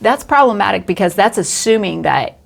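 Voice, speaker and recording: A woman's voice: mid-range voice, animated, a little fast, creaky. A woman youth pastor co-hosting a casual faith podcast chat, often breaking into laughter. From United States.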